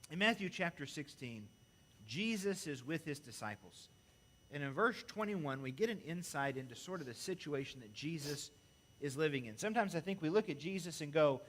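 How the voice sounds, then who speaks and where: A man's voice: on the high side, fairly bright tone. Man preaching an earnest sermon. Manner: earnest, with rhetorical questions to the congregation.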